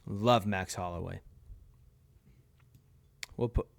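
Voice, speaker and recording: A man's voice: deep voice, slow, creaky. A young man giving blunt, opinionated verdicts in a casual commentary on his own channel. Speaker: tier list video host.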